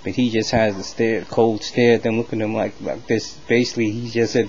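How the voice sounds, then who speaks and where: A man's voice: on the low side, a little fast, few pauses, dull audio, a little hiss or hum. Man telling a rambling comic story. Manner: loose, rambling and animated. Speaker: comedy vlogger.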